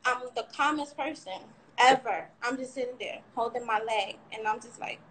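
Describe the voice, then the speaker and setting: On a livestream, a young woman recounts surviving a shooting in a frank, meandering way, cursing from time to time. Her voice is a little high and a bit bright, at normal speed, and the low-quality recording picks up slight background noise.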